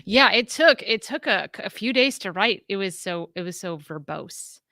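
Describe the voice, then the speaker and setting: A woman co-hosting a casual talk show, chatty and quick to laugh, with many fillers. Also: medium pitch, animated, pushed and bright, no echo, studio quality. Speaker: podcast co-host. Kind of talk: casual chat.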